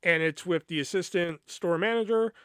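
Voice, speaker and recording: A man with a fairly high voice tells a story in a loose, swearing, rambling way, the kind of casual retelling a podcast host gives. The sound is dry and close, with no room around it. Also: moderate pace, clean tone, no echo. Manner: profane, rambling, animated retelling.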